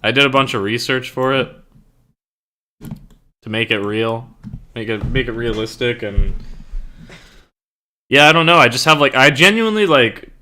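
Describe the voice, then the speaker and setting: Bright-voiced young man, rambling chat. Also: mid-range voice, lively intonation, normal speed, pauses often. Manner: rambling, full of "like" fillers; laughs often. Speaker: streamer and author. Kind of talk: casual chat.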